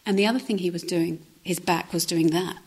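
A woman meditation teacher giving a gentle, reflective dharma talk at a retreat, often dropping to a soft near-whisper. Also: lowish voice, steady tone, fairly quick, slight background noise. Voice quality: breathy, often drops to a whisper. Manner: gentle, reflective, with hesitant restarts. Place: retreat center meditation hall.

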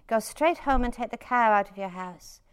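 A woman reading aloud as a wise elderly rabbi, serene and gentle, giving grave advice. The voice is smooth and resonant, close to her own. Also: on the high side, normal speed, natural voice.

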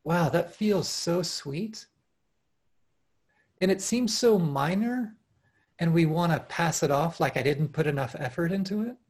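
A man teaching meditation at an online retreat, speaking earnestly and with animation, often restarting his phrases and laughing softly. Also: on the high side, measured pace, slightly rough. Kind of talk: dharma talk at an online retreat. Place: home, over a video call.

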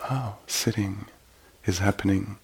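A man giving a meditation dharma talk at a retreat, halting and full of gentle fillers. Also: lowish voice, steady tone, gravelly, slightly rough. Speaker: meditation teacher.

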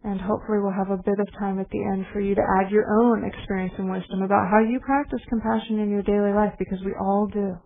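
A middle-aged woman meditation teacher giving a gentle, reflective dharma talk with pauses. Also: mid-range voice, fairly even intonation, vocal fry. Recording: tinny phone-like recording.

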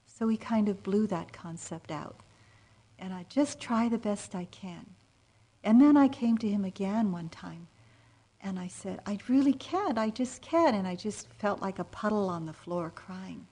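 A woman meditation teacher giving a dharma talk, speaking softly and unhurriedly, often trailing into near-whispers, with frequent gentle fillers. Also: medium pitch, measured pace. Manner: soft-spoken, drifting into near-whispers. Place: meditation retreat center.

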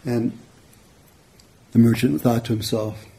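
A man, a meditation teacher, telling a story in a relaxed, conversational dharma talk. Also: mid-range voice, takes it slowly, gravelly. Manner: relaxed, conversational, frequent "you know". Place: retreat center hall.

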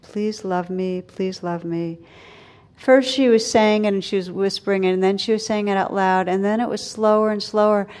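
A middle-aged woman who teaches meditation gives a gentle, unhurried dharma talk, softening her voice on tender words. Her pitch is medium and her intonation fairly even.

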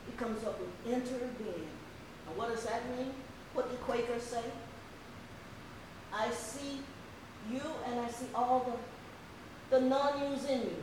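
Animated older Southern woman teaching in an echoey hall. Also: fairly high pitch, unhurried, long pauses. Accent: Southern American. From American South. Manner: animated, laughing, playful asides to the audience. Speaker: meditation teacher. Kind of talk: dharma talk to a group. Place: meditation hall. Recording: echoey hall with faint room noise.

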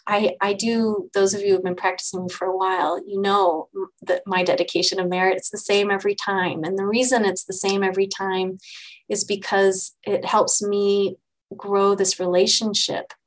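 A woman meditation teacher giving a dharma talk to her group, gentle and unhurried, pausing and restarting often. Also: medium pitch, flat delivery, poor audio.

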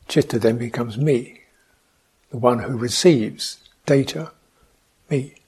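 A man giving a reflective meditation talk, speaking slowly, asking questions and adding soft hums between points. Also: medium pitch, breathy edge. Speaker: meditation teacher. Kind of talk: dharma talk.

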